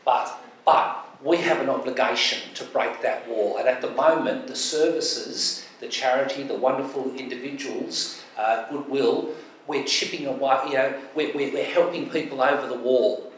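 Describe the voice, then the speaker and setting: A man's voice: medium pitch, moderate pace, a bit bright. A man with an Australian accent speaking on a public panel, impassioned and emphatic, repeating phrases for force. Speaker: panelist, charity advocate. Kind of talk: public panel talk with storytelling. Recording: echoey hall from far off, faint noise.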